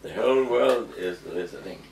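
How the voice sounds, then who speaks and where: A man answering interview questions slowly and hesitantly, with frequent ums and restarts. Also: sits low, lively intonation, vocal fry, a little mellow. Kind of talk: halting explanatory interview answers. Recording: echoey room, distant mic, faint noise.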